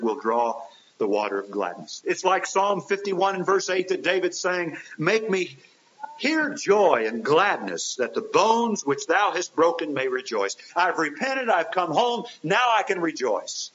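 A man's voice: a little high, a bit bright. A man preaching a sermon, earnest, with rising and falling emphasis and rhetorical questions to his listeners. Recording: dull hissy lo-fi recording.

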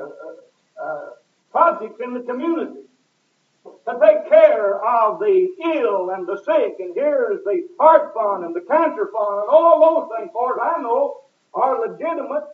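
A high-voiced man preaches a sermon, hammering each point with sudden bursts of volume and dropping low between them. The recording is thin and phone-like, and his voice echoes as if captured from across a large room. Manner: emphatic, rising and falling with sudden loud stresses. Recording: echoey, distant, tinny lo-fi recording.

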